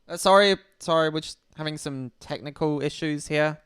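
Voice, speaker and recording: A man's voice: on the high side, a bit bright, smooth, dry recording, studio quality, faint music behind. A man hosting a casual livestream, talking bluntly and sardonically, swearing freely and often restarting his sentences. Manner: halting, with frequent restarts. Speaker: livestream host.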